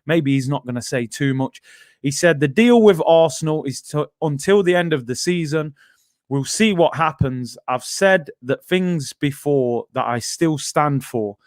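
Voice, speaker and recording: Chatty man with a slightly high voice. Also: animated, unhurried, no echo, clean studio sound. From England. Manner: chatty, loose, full of fillers and asides. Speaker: football channel host reading viewer comments. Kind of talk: casual live-stream chat.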